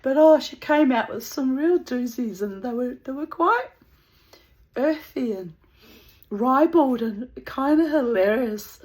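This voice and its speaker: A woman's voice: high voice, expressive, unhurried, a little mellow. A woman telling a rambling, digressive anecdote in casual chat, breaking into laughter often. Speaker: channel host.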